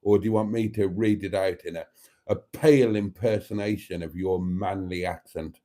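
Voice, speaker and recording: A man chatting warmly with viewers on his live stream, camp and talkative, laughing often and calling them darlings. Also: deep voice, fairly even intonation, moderate pace.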